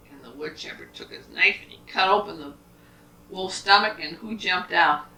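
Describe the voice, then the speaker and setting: An older woman with a lowish voice reads fairy tales aloud to a child at a moderate pace, animated and pausing to ask the child questions. It's a roomy, distant home recording.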